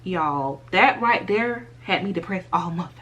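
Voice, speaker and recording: A young woman vlogger giving a candid life update, chatting straight to her viewers as y'all and baby and laughing softly through a sad story. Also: fairly low pitch, animated, measured pace, highs cut off.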